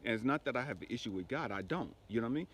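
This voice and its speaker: A man's voice: medium pitch, lively intonation, rapid-fire, fairly bright tone, breathy edge. A grieving man telling a personal spiritual testimony in a conversational way, often asking "you know what I mean". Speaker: spiritual speaker.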